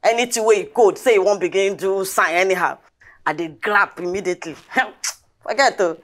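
An actress playing a cheeky, streetwise housemaid who speaks in Nigerian Pidgin and rants in a loud, drawn-out way. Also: female voice, mid-range voice, lightly acted. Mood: boastful.

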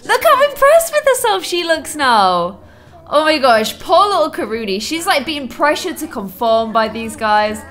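A young woman talks through her gameplay in a bright, high voice that swings up and down constantly. She gasps, teases and scolds the characters on screen like a fond onlooker. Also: a little slow. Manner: animated, gasping, teasing asides to players. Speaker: let's play host. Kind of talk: casual gameplay commentary.

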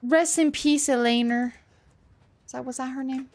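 Here a woman with a high, steady, slightly mellow voice at normal speed provides live commentary on her first horror game. She's jumpy, swearing when something startles her and saying sorry to the characters.

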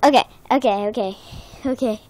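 A woman's voice: on the high side, moderate pace, darkish tone. A young woman playing with toy ponies, talking in a silly, giggly, playful way. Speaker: toy video maker.

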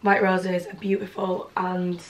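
A woman, gushing excitedly through a casual gift haul at home and swearing freely. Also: lowish voice, measured pace. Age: 20s. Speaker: vlogger.

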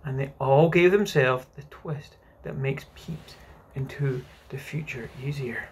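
A man reading a children's novel aloud as narrator, expressive and unhurried. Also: medium pitch, slight background noise. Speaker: audiobook narrator. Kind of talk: scripted narration.

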